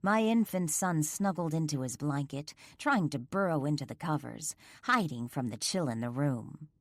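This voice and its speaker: A woman's voice: low-pitched, lively intonation, normal speed, no echo, clean studio sound. A woman narrating a romance audiobook in the first person, reading in an intimate, emotional storytelling manner.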